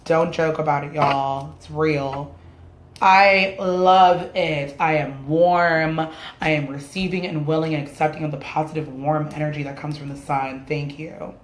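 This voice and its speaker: A woman's voice: deep voice, little pitch movement, moderate pace. A woman whose first language is Spanish, ranting her opinions to camera in a blunt, casual way and swearing freely. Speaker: vlogger. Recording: roomy echoey room sound.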